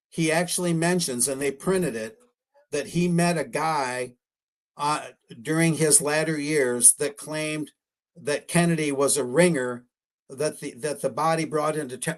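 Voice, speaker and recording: Rambling, hesitant man on a radio stream. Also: on the high side. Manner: rambling, hesitant, self-correcting with fillers. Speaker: guest researcher. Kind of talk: live-streamed radio interview talk.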